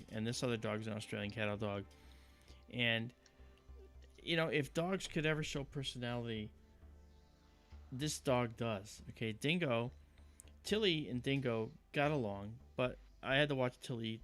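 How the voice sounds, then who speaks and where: A man hosting a livestream, talking casually and telling animated stories with quoted voices. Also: medium pitch, smooth. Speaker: livestream host.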